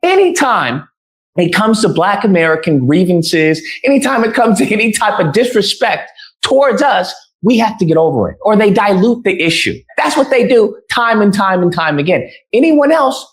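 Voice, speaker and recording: A man rants with force and swinging pitch, his voice leaping up and down as he drives each point. He keeps slipping into mocking quoted voices to parody the people he argues against. It plays like a clip from an online commentary video. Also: moderate pace. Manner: animated, mocks opponents in put-on quoting voices. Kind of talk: heated opinion rant.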